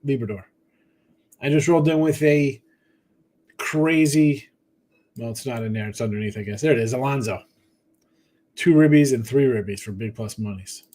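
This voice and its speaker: A man's voice: medium pitch, normal speed, pauses often, dark tone. A man hosting a sports betting podcast, chatting casually and reading viewer comments, tired after a short night. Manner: rambling, offhand, talks to chat by name. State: tired, yawning.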